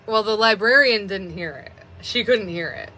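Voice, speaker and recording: Bright-voiced chatty woman streaming. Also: medium pitch, moderate pace. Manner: rambling, chatty, many fillers of "like". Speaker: live streamer. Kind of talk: casual live stream chat.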